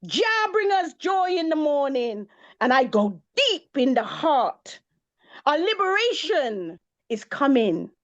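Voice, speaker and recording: A woman's voice: high-pitched, very animated, slow. A woman from England performing spoken-word poetry in a rhythmic, chant-like way, with sung and exclaimed bursts. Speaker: poet. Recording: dull lo-fi recording of a live gathering.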